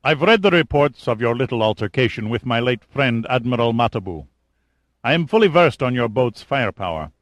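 A man's voice: mid-range voice, very animated, brisk, dry recording, lightly acted. A man voicing a cold, commanding military general in an audiobook, speaking in a clipped, threatening way. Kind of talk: audiobook character voice.

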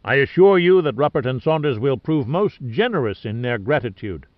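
A man's voice: medium pitch, very animated, moderate pace, dry recording, lightly acted. A man voicing a big, ruddy male ship captain who talks in an effusive, exclaiming way. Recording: dull lo-fi dry recording.

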